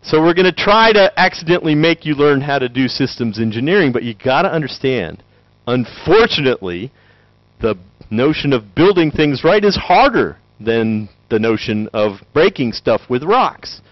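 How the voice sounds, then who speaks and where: A man lecturing with jokes, his pitch jumping around as he acts out little voices. The sound is dull and lo-fi, and the space is dry, with no echo. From Tennessee. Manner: animated, joking, acts out quick voices. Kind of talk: lively conference talk.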